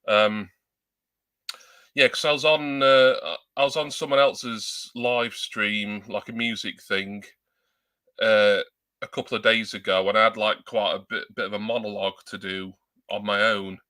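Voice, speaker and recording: A man's voice: fairly low pitch, fairly even intonation, measured pace, sharp tone. A man at home, chatting casually on a live stream and testing a new desktop USB microphone, rambling and self-deprecating with many ums. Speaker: livestreamer. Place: at home at a computer.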